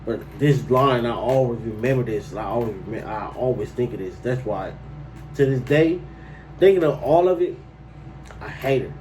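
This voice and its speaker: A man's voice: mid-range voice, lively intonation, normal speed, darkish tone, distant mic, slight background noise, poor audio. A man telling a personal story to camera in a casual, slangy way, breaking into incredulous outbursts.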